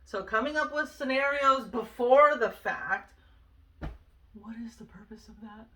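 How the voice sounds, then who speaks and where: A woman's voice: a little high, unhurried, pushed and bright, recorded from a distance. Earnest woman giving personal advice. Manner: earnest and conversational, many asides and "right?". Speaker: vlogger sharing self-help advice. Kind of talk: casual personal advice talk.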